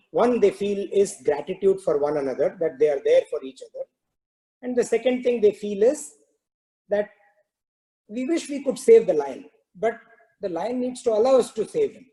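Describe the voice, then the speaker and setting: A man giving a spiritual storytelling talk, narrating a parable in a measured, reflective way, often saying "you know". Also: high voice, mellow, low-quality recording. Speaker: spiritual speaker.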